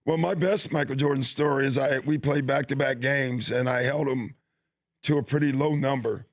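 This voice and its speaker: A middle-aged man, a basketball coach, being interviewed and telling stories in a relaxed way, with lots of fillers and restarts. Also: medium pitch, moderate pace, no echo, studio quality. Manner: easygoing, with frequent fillers and restarts. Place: studio.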